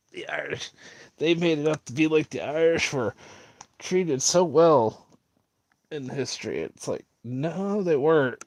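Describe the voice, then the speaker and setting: A man's voice: on the high side, expressive, a little slow, no echo. A man rambling in a casual monologue, full of fillers and restarts, mocking the people he disagrees with. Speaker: streamer.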